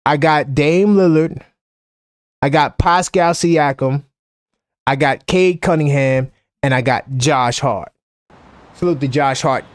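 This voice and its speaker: Man, New York accent, fairly high voice, dry close sound, animated live-stream host. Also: no echo. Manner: animated, opinionated, repeats himself. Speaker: basketball fan show host. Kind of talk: live-stream chat with viewers.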